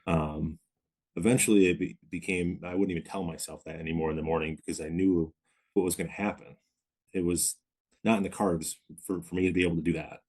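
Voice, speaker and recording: A man in his thirties, a podcast guest, telling his story of recovery in a reflective, measured way with many pauses. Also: sits low, fairly even intonation, darkish tone, breathy edge. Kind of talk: candid interview storytelling.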